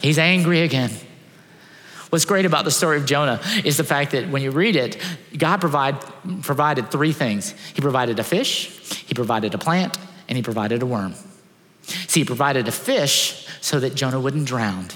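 A man's voice: medium pitch, expressive, moderate pace, fairly bright tone. A man pastor preaching a sermon, emphatic and full of rhetorical questions. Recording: long hall reverb.

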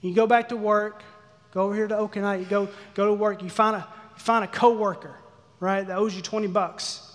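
A man giving a sermon, acting out the characters' pleas with lively energy. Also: high-pitched, brisk, soft background music. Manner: animated, acts out the servant's pleas. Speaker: pastor. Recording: long hall reverb.

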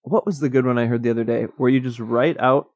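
Brief: young male podcast co-host, gravelly low-mid voice, rambling jokey delivery, dry close mic. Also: steady tone, fast, dry recording. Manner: rambling, jokey, laughs a lot. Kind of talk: casual comedic chat.

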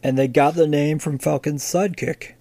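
A man's voice: on the high side, steady tone, normal speed, warm tone, no echo, studio quality. A man co-hosting a casual podcast chat, sarcastic and swearing freely. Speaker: podcast co-host.

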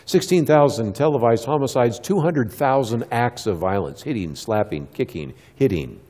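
Mellow-voiced middle-aged man giving a church talk. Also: mid-range voice, animated, in a large hall. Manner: asks the audience questions and answers them himself; acts out quick little dialogues with kids. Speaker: Christian speaker. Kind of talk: church talk to a live audience.

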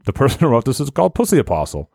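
Animated, joking male podcast host. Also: mid-range voice, very fast, creaky, dry recording, clean studio sound. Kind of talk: casual podcast chat and reading.

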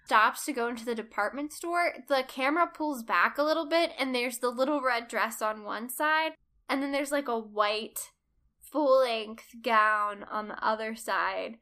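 Bright-voiced woman recapping a film. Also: a little high, unhurried. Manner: animated storyteller, acts out quotes, laughs often. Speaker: podcast co-host. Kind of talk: casual film recap chat.

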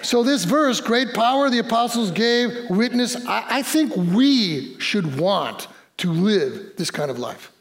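A male pastor preaching a sermon, telling a story with quoted dialogue and a playful, lively delivery. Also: high voice, slow, hardly any pauses. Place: church.

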